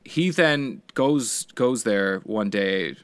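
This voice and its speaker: Low-voiced rambling male podcaster. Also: animated, very slow, clean tone, no room sound. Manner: rambling storyteller, swears freely, acts out quotes. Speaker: podcast co-host. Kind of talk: casual chat.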